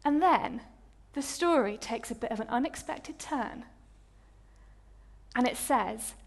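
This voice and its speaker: Brief: high-pitched woman delivering a sermon with dramatic, storytelling flair. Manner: lively storytelling, dramatic pauses. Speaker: preacher.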